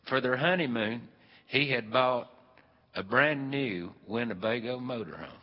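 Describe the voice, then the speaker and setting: A man telling a folksy family story to a live audience, rambling along with plenty of fillers. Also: mid-range voice. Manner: folksy and meandering, with many fillers. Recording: dull, hall-echoed live recording.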